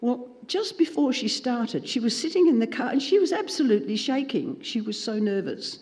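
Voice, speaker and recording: A man with an animated storytelling manner, acting out dialogue as a Christian speaker. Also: extremely high pitch, moderate pace. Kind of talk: storytelling talk. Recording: long reverb in a hall.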